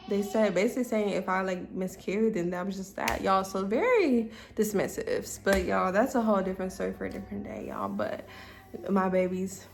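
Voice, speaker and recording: A woman's voice: medium pitch, gravelly. A young woman telling a casual storytime vlog to her viewers, chatty and often calling them y'all. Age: young adult. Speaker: vlogger.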